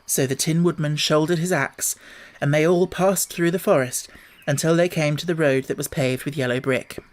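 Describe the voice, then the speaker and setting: A man narrating an audiobook with a steady, measured storytelling delivery. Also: fairly high pitch. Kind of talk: scripted narration.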